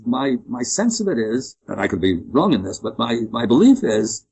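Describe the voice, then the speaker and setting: Husky-voiced opinionated man. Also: mid-range voice, very animated, normal speed, a little mellow, muffled recording. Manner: opinionated, rambling with frequent restarts. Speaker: interview guest. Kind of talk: conversational interview.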